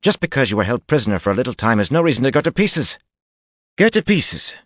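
A man's voice: lowish voice, animated, fairly quick, dry recording, voice pushed up, lightly acted. A haughty sorceress woman, cool and clipped, used to being obeyed, put on by a man reading the story. The voice sits well above the reader's own and stays dry and close. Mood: scornful.

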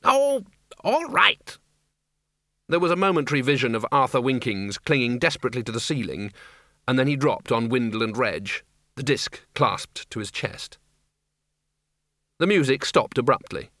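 A man's voice: medium pitch, moderate pace, dry recording, clean studio sound. A man narrating a comic fantasy story as an audiobook reader. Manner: lively, expressive storytelling. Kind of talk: scripted narration.

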